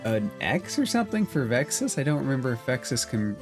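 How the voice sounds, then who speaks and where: A man narrating a tabletop game as game master in a relaxed, unhurried way, with faint music behind. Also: medium pitch.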